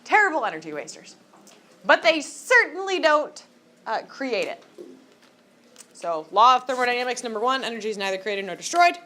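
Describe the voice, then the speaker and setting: A woman lectures her high school class in a classroom, with a fairly high voice that swoops up and down. She teases the students and keeps asking them questions. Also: sing-song, normal speed, long pauses, pushed and bright. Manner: joking, teasing, asks the class questions. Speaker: high school biology teacher.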